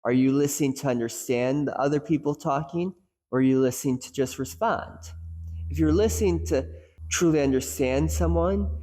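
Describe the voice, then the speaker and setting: A man's voice: a little high, normal speed, dark tone, in a large hall. A young adult man hosting an educational talk on sports psychology, casual and self-deprecating, showing off changes in emphasis and pacing as he goes. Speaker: host.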